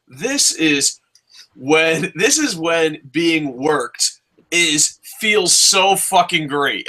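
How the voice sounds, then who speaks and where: A man in his thirties hosting a casual wrestling review, excitable and profane, breaking into jokey shouts. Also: a little high, drawn-out words. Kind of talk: casual podcast chat.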